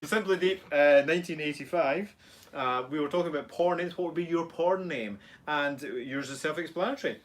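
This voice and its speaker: A man's voice: on the high side, fairly quick. Chatty Scottish man, joking and rambling. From Scotland. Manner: jokey, rambling, reads viewer comments aloud. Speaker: co-host of a live stream. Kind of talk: casual chat.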